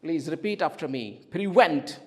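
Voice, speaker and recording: Male classroom teacher, lively high voice, clear questions, drills word stress. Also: measured pace. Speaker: English teacher.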